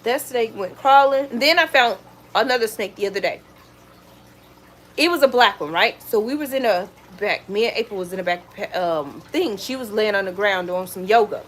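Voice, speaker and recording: A woman vlogger chatting casually at home, retelling stories in an animated, exclaiming way. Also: mid-range voice, normal speed. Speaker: lifestyle vlogger. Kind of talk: casual storytelling chat.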